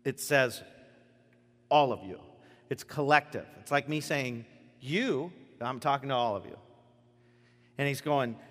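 A pastor giving a sermon with lively, animated delivery that swings between hushed reflection and loud emphasis. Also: male voice, mid-range voice. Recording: long reverb of a large hall.

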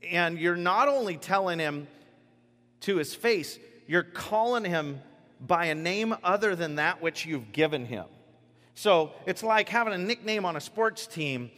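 A man preaching a sermon in a large hall, his somewhat high voice carrying a long reverberant tail. He talks casually and animatedly, dropping to quiet reflection and then rising to loud, emphatic points. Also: expressive, unhurried. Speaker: pastor.

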